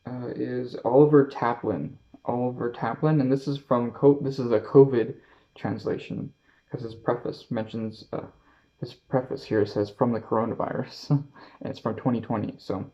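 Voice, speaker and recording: Halting Canadian man, book vlogger. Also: mid-range voice, mellow, muffled recording. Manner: halting, many fillers and self-corrections. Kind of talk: casual book haul talk.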